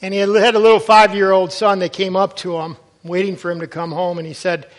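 Middle-aged male pastor, high voice, earnest exhorting sermon delivery. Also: flat delivery, fairly quick, few pauses.

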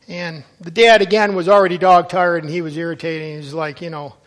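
A man's voice: fairly high pitch, steady tone, quick pace, few pauses, a bit bright. A middle-aged man preaching a sermon to fathers, earnest and exhorting, with frequent restarts. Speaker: pastor.

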